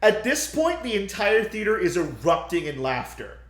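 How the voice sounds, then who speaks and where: A young man co-hosting a podcast, retelling a movie plot in loud, profane, animated bursts and acting out screams. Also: high voice, normal speed, reverberant. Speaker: podcast co-host.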